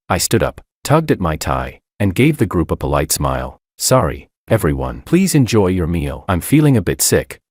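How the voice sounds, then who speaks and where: A man reading a first-person story as its narrator, in a measured, dramatic storytelling manner. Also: low voice, darkish tone, dry recording, studio quality.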